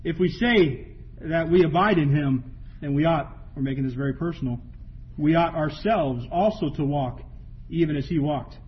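A man's voice: fairly high pitch, moderate pace, husky. A man preaching a sermon, reading Bible verses aloud and repeating key phrases for emphasis. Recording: dull lo-fi sound.

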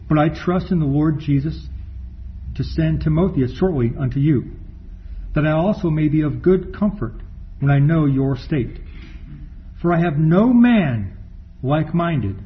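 A man preaching a sermon, reading scripture aloud slowly and stressing key words as he explains them. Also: fairly high pitch. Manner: slows down to stress words, reads scripture deliberately. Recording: dull recording with faint room noise.

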